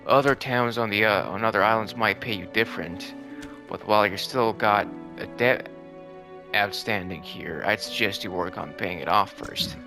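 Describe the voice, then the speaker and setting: A man voicing a gruff, downcast male fishmonger in a game, loud and rough, with game music behind. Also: on the low side, moderate pace.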